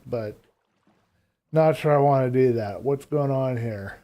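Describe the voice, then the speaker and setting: A man streaming a game live, talking to his viewers in a loose, rambling way as he plans. His voice is mellow and warm, sitting at an ordinary middle pitch. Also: unhurried. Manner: thinks aloud while planning; rambling, casual. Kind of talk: live gameplay commentary.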